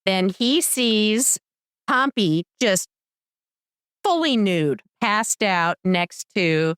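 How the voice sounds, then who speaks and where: A woman's voice: mid-range voice, extremely slow, clear, resonant tone, dry recording, clean studio sound. Woman chatting through a TV recap. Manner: animated storyteller, acts out quotes. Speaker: podcast co-host. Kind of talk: casual TV recap chat.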